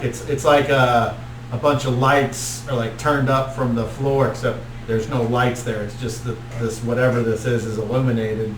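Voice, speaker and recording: Laid back guy game-mastering, slow rambly talk, far from the mic, faint hiss. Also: medium pitch. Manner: casual, rambling, full of "like". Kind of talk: narrating a tabletop game. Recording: roomy, distant mic, faint noise.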